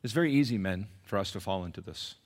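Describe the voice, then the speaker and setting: A man preaching a sermon as pastor, emphatic and animated, with many rhetorical questions. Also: on the low side, quick pace.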